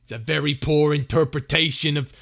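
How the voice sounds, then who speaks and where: A man putting on a loud, brash dad-joke voice, a male gangster-uncle type with a put-on Chicago and New York accent. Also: a little high, brisk, gravelly, voice pushed up.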